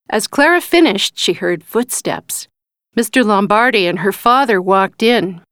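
A woman reading a story aloud in a slow, careful, clear way. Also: mid-range voice, a bit bright, no echo, clean studio sound. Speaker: reader.

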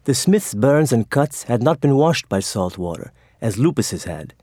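A man narrating an audiobook in an expressive storytelling manner. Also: medium pitch, a little slow, no room sound, studio quality.

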